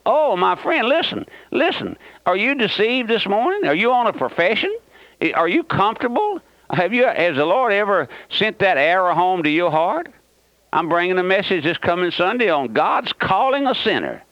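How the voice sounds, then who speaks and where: Male pastor, fervent radio preacher, pitch swings widely, muffled dry old broadcast sound. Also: big pitch swings, moderate pace, no room sound. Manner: fervent, repeatedly questions the listener. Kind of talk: radio sermon.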